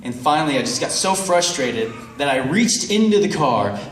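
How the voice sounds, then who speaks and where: A man's voice: fairly high pitch, fairly quick, hardly any pauses. A man in his thirties telling a funny story to a live audience, laughing often and acting out the voices in it. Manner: animated, laughing, acts out voices. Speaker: convention panel guest. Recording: roomy hall, mic from far off.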